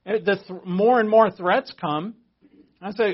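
A man's voice: sits high, measured pace. A man preaching a casual sermon as pastor, talking in a conversational, emphatic way with asides and restarts. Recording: dull lo-fi audio.

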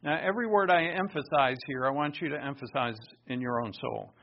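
A man preaching a sermon, stressing key words with sudden loud bursts and dropping into quiet asides. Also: medium pitch, brisk, hardly any pauses, lo-fi sound. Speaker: pastor.

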